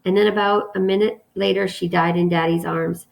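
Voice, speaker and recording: A woman teacher reading a novel aloud to her students in a calm, steady storytelling manner. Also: on the low side, normal speed, vocal fry.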